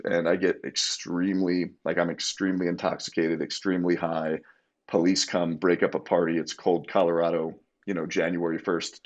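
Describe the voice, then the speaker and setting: A man telling a personal story as a podcast guest, candid and energetic, with plenty of fillers. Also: sits low.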